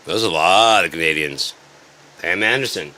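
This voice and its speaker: A man with a deep, forceful voice rants sarcastically at a normal speed, swearing freely and hopping from point to point like an online commentator sounding off.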